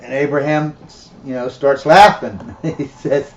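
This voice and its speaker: A man's voice: mid-range voice, steady tone, a little slow. A man telling a comic sermon story in a rambling way, laughing often. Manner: rambling, laughing, filler-heavy. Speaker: preacher. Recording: dull, roomy recording.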